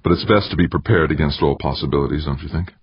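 A man's voice: a bass voice, fast talker, breathy edge, dry recording, heavily acted. A man reading the part of a scheming, anxious ex-convict leader in an audiobook. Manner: anxious, brooding inner voice. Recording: dry, dull lo-fi audiobook recording.

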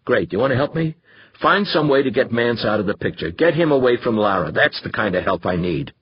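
A man's voice: expressive, brisk, breathy edge, no room sound, lo-fi sound. A man voicing a bitter, crude male biologist who talks curtly and swears. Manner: curt, swearing, low and tired.

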